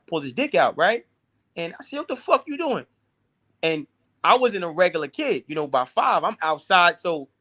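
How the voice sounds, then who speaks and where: A man's voice: fairly high pitch, sharp tone. Intense man repeating himself as he talks. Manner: intense, repeats and restarts words. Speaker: interview guest. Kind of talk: emotional personal storytelling.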